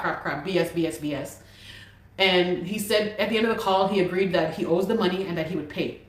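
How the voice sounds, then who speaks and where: A woman from Ghana giving an emotional personal account as an interview guest, exasperated and repeating herself as she vents. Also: on the low side. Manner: exasperated, repeats words while venting. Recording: roomy echo.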